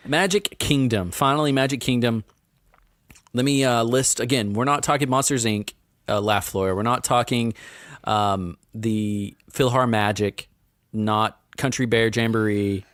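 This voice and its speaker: A man's voice: mid-range voice, unhurried, a bit bright, dry recording, studio quality. A man co-hosting a casual podcast, teasing his co-host and giving strong opinions. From Tennessee. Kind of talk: casual chat.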